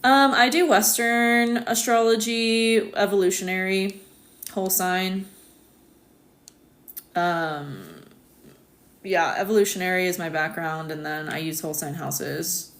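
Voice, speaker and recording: American woman doing a chill live stream on her phone, slow and chatty, laughs a lot. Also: mid-range voice. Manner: relaxed, chatty, laughs often. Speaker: astrologer hosting a live stream. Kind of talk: casual live-stream chat reading comments.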